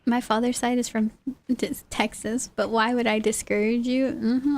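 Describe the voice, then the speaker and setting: A woman's voice: fairly high pitch, flat delivery, normal speed, a little mellow. A woman from California streaming, chatting casually with her viewers and laughing often. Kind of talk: casual livestream chat, reading chat aloud.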